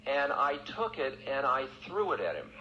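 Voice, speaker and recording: A man's voice: mid-range voice, huge pitch swings, normal speed, pushed and bright. A male spiritual teacher telling a personal story in a candid, self-mocking way, often breaking into laughter. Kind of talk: storytelling talk. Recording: dull, lo-fi archival recording with faint hiss.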